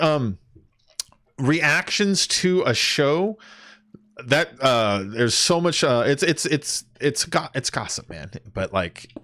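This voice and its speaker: A man's voice: on the high side, a bit bright, dry recording, clean studio sound. A young man streaming a game, chatting casually and rambling, with some swearing and counting aloud as he plays. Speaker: gaming streamer. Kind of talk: casual gameplay chat.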